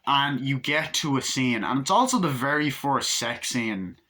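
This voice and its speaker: An excitable young man in his twenties rattles through a film recap, swearing freely and rambling from scene to scene. His voice is bright and forceful at an ordinary pitch for a man. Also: measured pace. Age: 20s. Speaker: movie reviewer.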